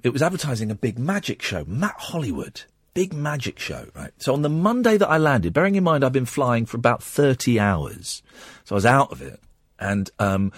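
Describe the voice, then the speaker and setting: Husky, lively-voiced radio host telling a story. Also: male voice, medium pitch, no echo, clean studio sound. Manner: rambling storytelling with many fillers and restarts. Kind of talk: late-night radio phone-in anecdote.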